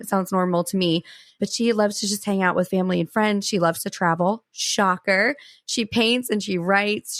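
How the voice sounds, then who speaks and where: A woman hosting a podcast, introducing her guest with excitable, gushing chat and calling her listeners y'all. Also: mid-range voice, no room sound, studio quality. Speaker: podcast host. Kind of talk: casual chat.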